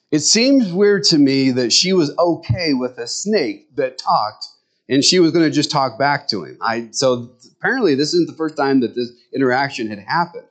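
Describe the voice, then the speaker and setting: A middle-aged man preaching a sermon in a conversational way, with joking asides to the congregation. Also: mid-range voice. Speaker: pastor.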